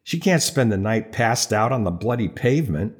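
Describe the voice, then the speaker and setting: A man's voice: fairly low pitch, big pitch swings, moderate pace. Man voicing a pushy, eager young guy. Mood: insistent. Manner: wheedling, insistent.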